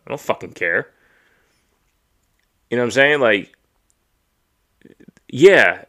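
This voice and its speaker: Blunt, swearing podcast host with a bright voice. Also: male voice, mid-range voice, lively intonation, takes it slowly, pauses often. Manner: blunt and ranting, swears freely. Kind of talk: casual wrestling chat, profane and opinionated. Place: home streaming setup.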